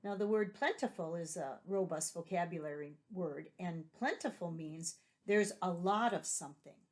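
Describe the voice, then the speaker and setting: A woman with a lowish voice reads a children's story aloud at a moderate pace. She's a teacher, patiently explaining vocabulary and asking questions as part of a read-aloud lesson.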